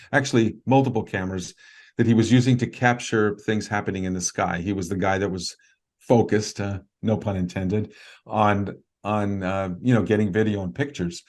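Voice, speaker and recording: Low-voiced man telling a long story. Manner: earnest, halting with fillers and restarts. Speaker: guest. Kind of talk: storytelling in a video interview.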